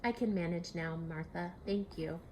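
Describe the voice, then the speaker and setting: A woman doing a lonely little girl, high and pleading. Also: moderate pace, warm tone, slight background noise, close to an everyday voice. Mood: curious. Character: young girl, lonely and sulky.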